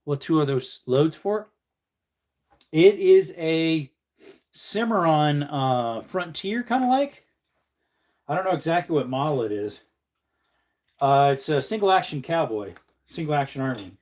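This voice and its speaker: A man with a fairly high voice hosts a casual live stream. He jokes around and answers viewer comments as he works. He sounds relaxed and chatty while he hand-loads ammunition. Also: a little slow, long pauses. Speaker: livestream host.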